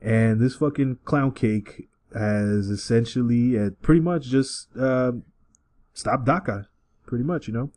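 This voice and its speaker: Male podcast co-host, casual profane chat, animated, mid-pitched voice. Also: measured pace. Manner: animated, swings into shouted bits.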